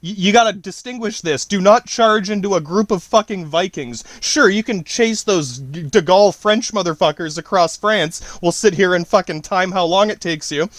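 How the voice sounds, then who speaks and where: A man's voice: sits high, moderate pace, hardly any pauses, a bit bright, no room sound. A man giving a rambling solo podcast monologue, profane and slangy, jumping between tangents with many restarts. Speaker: podcast host.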